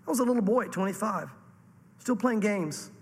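A man preaching a sermon to a congregation, animated and acting out the voices he quotes. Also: sits high, brisk, breathy edge, long reverb tail. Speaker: pastor.

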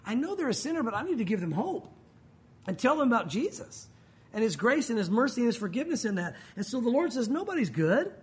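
Male pastor preaching, conversational delivery with a lively, swinging pitch. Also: fast talker. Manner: conversational preaching, acts out quoted voices. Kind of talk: sermon.

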